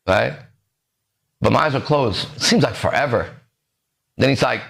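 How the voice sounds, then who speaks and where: A man's voice: medium pitch, moderate pace, gravelly, long pauses, fairly bright tone. A man hosting a podcast, telling a story in a casual, profane way and acting out the other people's voices. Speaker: podcast host.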